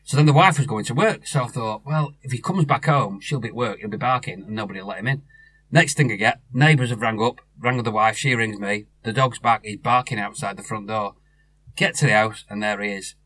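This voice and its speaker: A man's voice: lowish voice, fairly quick, a bit bright, slightly rough. A middle-aged man, telling a rambling story in casual chat, with many restarts. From North West England.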